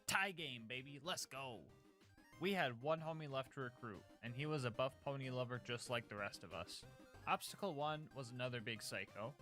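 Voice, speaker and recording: A man's voice: mid-range voice, bright, forceful tone. A man narrating a scripted gameplay recap of a challenge run in a jokey, upbeat, slangy way.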